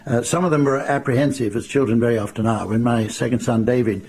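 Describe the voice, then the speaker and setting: Older man, gravelly voice, medium pitch, wry anecdotal storytelling, dry understatement. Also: fast talker, a little mellow. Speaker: raconteur. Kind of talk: anecdotal storytelling to a live audience.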